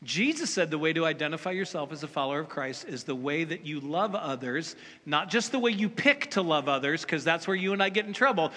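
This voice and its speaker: A man's voice: fairly high pitch, expressive, a little fast, hardly any pauses, sharp tone. A man preaching a sermon as pastor, speaking emphatically and directly to his congregation. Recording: long reverb of a large hall.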